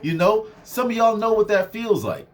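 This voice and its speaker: A young man giving a casual motivational talk, animated and conversational, full of fillers, swinging his voice up and down for effect. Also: high-pitched, normal speed. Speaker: motivational speaker.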